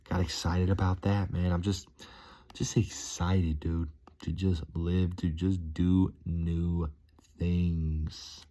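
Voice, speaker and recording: A man's voice: deep voice, mellow. A man talking casually to his viewers in a rambling, playful, enthusiastic vlog monologue, chuckling as he goes. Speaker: vlogger. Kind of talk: casual upbeat monologue to camera.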